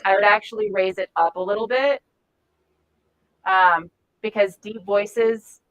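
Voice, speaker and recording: A woman's voice: medium pitch, a bit bright, poor audio. A woman giving a live training talk to a group in a room, conversational and often searching for words mid-sentence. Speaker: de-escalation trainer.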